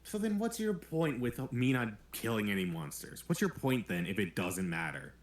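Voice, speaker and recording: A man's voice: on the low side, very animated, moderate pace. A man playing a brash, defensive young male ranger who works alone, answering back with sarcasm and swearing in tabletop role-play. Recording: roomy echo.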